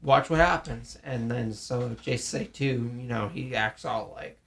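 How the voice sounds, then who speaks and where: A man's voice: mid-range voice, fairly even intonation, unhurried, creaky. A young man co-hosting a casual chat, telling profane, rambling school stories and acting out what people said. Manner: profane, rambling, acts out quotes. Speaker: podcast co-host.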